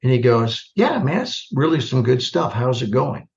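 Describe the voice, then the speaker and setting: Animated older man telling army stories. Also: mid-range voice, normal speed, vocal fry. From United States. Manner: animated, self-deprecating, acts out dialogue. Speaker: podcast guest, retired army general. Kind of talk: storytelling in a podcast interview. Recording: slightly dull lo-fi podcast audio.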